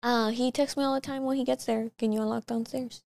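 Woman co-host, chatty and blunt, fairly high voice with vocal fry. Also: steady tone, a little mellow. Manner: chatty, blunt, quick to react. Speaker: podcast co-host. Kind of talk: casual podcast chat.

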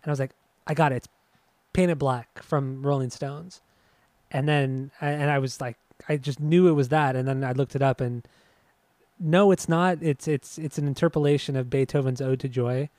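A man's voice: medium pitch, steady tone, normal speed, a little mellow, no room sound. A man co-hosting a casual music podcast, rambling and swearing freely, laughing often. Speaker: podcast co-host.

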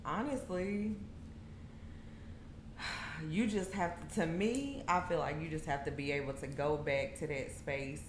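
A woman's voice: sits low, unhurried, pauses often. A woman guest in a casual chat, giving blunt, matter-of-fact advice. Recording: echoey room with faint noise.

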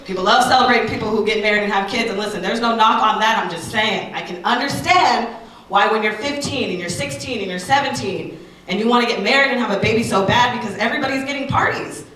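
A woman's voice: on the high side, fast talker, recorded from a distance. Woman speaking in a roomy hall. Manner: candid, animated storytelling with audience asides. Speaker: speaker at a talk, radio personality. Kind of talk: personal testimony talk to an audience.

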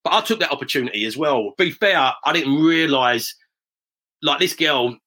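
A middle-aged man from near Romford, telling property-investing stories as an interview guest in a lively, anecdotal way. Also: a little high, normal speed. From south-east England, near Romford. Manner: lively anecdotal, acts out quoted voices. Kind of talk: casual storytelling interview.

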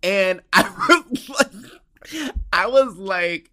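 A man hosting a casual solo podcast, telling stories in a gossipy, animated way, swearing freely and acting out quoted lines. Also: slow. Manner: gossipy, animated, swears a lot, acts out quotes with big pitch jumps. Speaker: podcast host. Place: home with cats.

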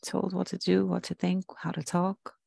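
A young woman co-hosting a podcast, speaking casually and expressively with loose, unfiltered swearing. Her voice has a gravelly fry to it. The room sounds close and dry. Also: fairly low pitch, monotone, moderate pace, warm tone, no room sound. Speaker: podcast co-host.

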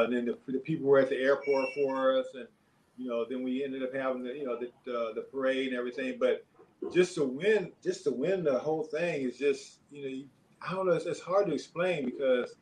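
An older man, a former pro basketball player, telling stories in a relaxed interview, rambling with many fillers and chuckles. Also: medium pitch, slight background noise, low-quality recording. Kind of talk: casual interview storytelling.

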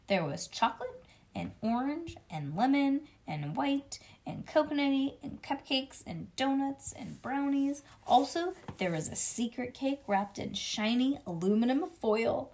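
A woman reading a children's book aloud to a child, expressive and lively. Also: fairly high pitch, a little slow.

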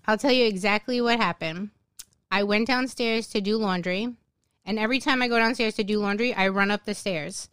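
Emphatic woman in her forties, smooth voice. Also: mid-range voice, brisk, a bit bright, no room sound, clean studio sound. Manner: emphatic storyteller who acts out her own remarks. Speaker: podcast guest. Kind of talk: casual chat. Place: podcast studio.

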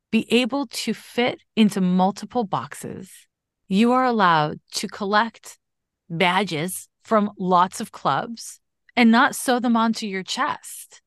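A woman hosting a podcast, giving an animated and emphatic astrology reading in a casual, conversational way. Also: mid-range voice, dry recording, studio quality.

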